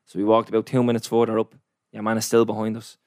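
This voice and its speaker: A man's voice: on the low side, completely flat delivery, quick pace, darkish tone, no room sound, studio quality. A young Irish man telling a rambling travel story in casual chat, slangy and sweary. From Ireland.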